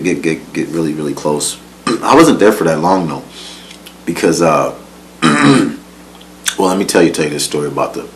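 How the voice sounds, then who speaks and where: A man's voice: low voice, slight background noise, poor audio. A man telling a life story in casual, profane slang, often laughing, repeating words and asking if you follow. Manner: profane, slangy, keeps asking "you know what I'm saying".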